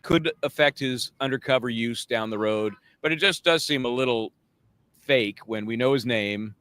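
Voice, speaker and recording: A man's voice: mid-range voice, moderate pace, clear, resonant tone, no echo. A man co-hosting a casual chat about a court trial, talking wryly and acting out what others said. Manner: chatty, wry, quotes others in animated voices. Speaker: legal commentator co-host.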